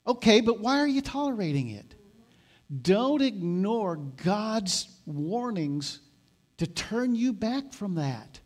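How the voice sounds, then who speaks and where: A man preaching a sermon, moving between loud emphatic exhortation and calm explanatory teaching. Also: high voice, takes it slowly. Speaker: pastor.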